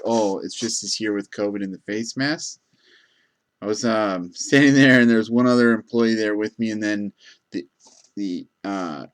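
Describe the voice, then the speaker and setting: Rambling casual man telling stories. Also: fairly low pitch. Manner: rambling, many fillers and restarts. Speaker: gas station clerk. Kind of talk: casual storytelling.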